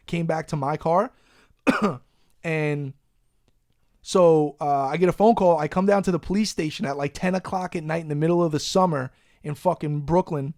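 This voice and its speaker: A man, hosting a podcast and telling a profane, animated story in a casual way. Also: on the high side, no echo, clean studio sound. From Long Island, New York. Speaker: podcast host.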